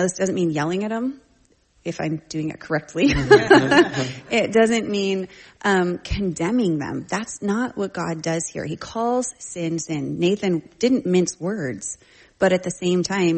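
A middle-aged woman and parent teaching from scripture in a conversational, slangy style, telling lively family stories. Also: lowish voice. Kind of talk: casual teaching talk.

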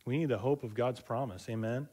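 A man's voice: medium pitch, brisk, a little mellow. Man preaching in a casual storytelling way. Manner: conversational storytelling with many fillers and restarts; acts out quoted voices in dialogue. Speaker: pastor. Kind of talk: sermon.

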